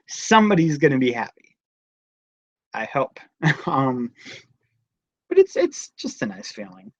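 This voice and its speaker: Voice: mid-range voice, big pitch swings, a little slow, pauses often, no echo, highs cut off. A young adult host chatting casually on a live stream at home, telling rambling stories in a chatty way. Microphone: device camera mic close up.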